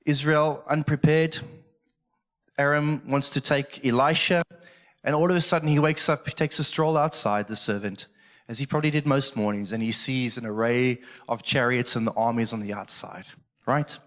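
A man's voice: mid-range voice, fairly even intonation, moderate pace, fairly bright tone. A middle-aged male pastor preaching a conversational sermon from a church stage, earnest and emotional.

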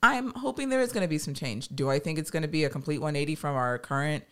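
A podcast co-host in casual chat, talking in a rambling, animated way with lots of fillers and frequent swearing, and whose family lives abroad. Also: mid-range voice, quick pace, smooth.

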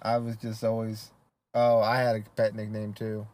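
A man's voice: on the low side, completely flat delivery, normal speed, darkish tone. A young man co-hosting a casual podcast chat, laid-back and blunt, teasing his friend. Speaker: podcast co-host.

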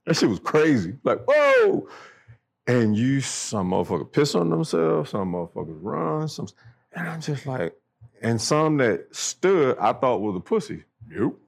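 A man's voice: big pitch swings, normal speed, vocal fry. A blunt, foul-mouthed middle-aged man sits in on a podcast and tells stories from his military service. His voice sits in an ordinary middle register, then leaps up when he acts out the people he quotes. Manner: profane, blunt, acts out quoted dialogue with jumps in pitch. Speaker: podcast guest, military veteran. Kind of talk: casual storytelling chat.

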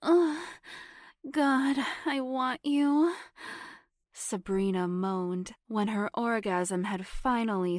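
A woman narrating an erotic story in a soft, half-whispered, sensual voice on a close mic. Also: fairly low pitch, dry recording.

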